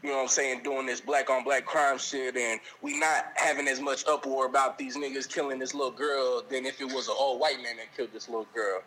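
A man calls in to a podcast and talks in a laid-back, slangy way. His voice is bright and forceful, with faint background noise under it. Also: mid-range voice, level tone, brisk, hardly any pauses, poor audio. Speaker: caller. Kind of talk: casual chat.

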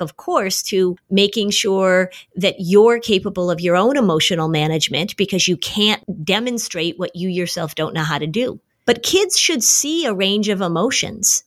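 A middle-aged woman talks through parenting ideas on a podcast. She is earnest and explanatory, and her pitch sits in an ordinary middle range. She slips into short acted retellings of family moments. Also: fairly bright tone. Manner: earnest, explanatory, acts out stories. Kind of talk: casual podcast conversation.

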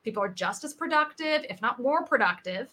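A woman's voice: a little high, fairly quick. A woman in her thirties, a sales coach telling stories in a podcast interview. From United States. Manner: animated, acts out quoted people in her stories. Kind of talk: conversational interview storytelling.

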